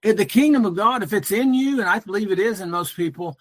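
Earnest male caller, slightly high voice, halting phone-in delivery. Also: animated, a bit bright. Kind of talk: casual call-in chat.

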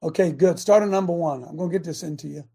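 An older man hosting a talk radio show, delivering a fiery, repetitive preachy rant that rises to shouts. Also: on the high side, quick pace, gravelly, breathy edge.

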